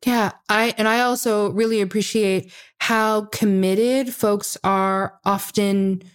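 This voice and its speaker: Woman explaining sex advice, mid-pitched, keeps saying right?, patient. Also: fairly even intonation, takes it slowly, smooth. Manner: explanatory, checks in with frequent "right?". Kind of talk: advice-giving conversation.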